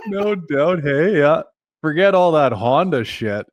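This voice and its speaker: A man's voice: fairly high pitch, lively intonation, slow, no room sound, dull audio. A man from Canada hosting a podcast, laid-back and chuckling, swearing casually. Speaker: podcast host. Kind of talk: casual chat.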